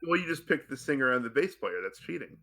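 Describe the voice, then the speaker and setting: A young man co-hosting a podcast in casual chat, playful and animated, breaking into goofy sound effects. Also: medium pitch, quick pace, creaky. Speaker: podcast co-host.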